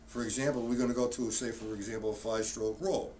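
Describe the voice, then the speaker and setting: A man's voice: mid-range voice, steady tone, fast. Distant, rambling drum teacher man. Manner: rambling, self-correcting, counts out loud while demonstrating. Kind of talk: live-streamed drum lesson. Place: practice room with a drum kit. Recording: distant mic, noisy room.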